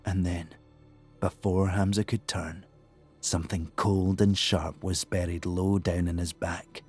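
A man narrating an audiobook thriller in a measured, tense storytelling manner. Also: low voice, little pitch movement, darkish tone, faint music behind. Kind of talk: scripted narration.

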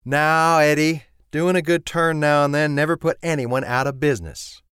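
A man's voice: fairly high pitch, steady tone, normal speed, fairly bright tone, smooth, no echo, clean studio sound, voice pushed up, close to an everyday voice. Man voicing a breezy woman. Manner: breezy, teasing, friendly. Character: warm Southern woman mechanic's friend, confident. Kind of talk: audiobook character voice.

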